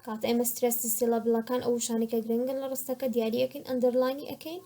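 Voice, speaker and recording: Woman English teacher with a Kurdish accent, slightly high and warm, patient, repeats each point. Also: little pitch movement, very fast. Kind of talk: recorded classroom lesson.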